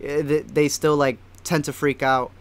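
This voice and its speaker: A man co-hosting a casual podcast, talking in slang and jumping in with quick reactions. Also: a little high, level tone, clear, resonant tone, dry recording. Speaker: podcast co-host.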